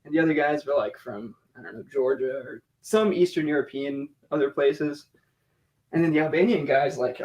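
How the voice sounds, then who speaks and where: An American man telling a casual story as a podcast guest, animated, laughing often and swearing freely, with lots of filler words. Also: fairly high pitch, normal speed. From United States.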